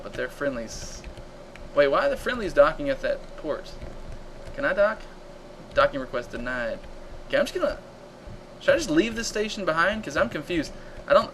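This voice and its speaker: An excitable man commentates his game on a live stream, yelping at fights and answering chat between them. His voice sits at an ordinary middle pitch. A faint hiss of noise runs under the home desk mic. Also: rough recording. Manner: excitable, reacting loudly to combat and reading chat aloud. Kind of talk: casual gameplay commentary.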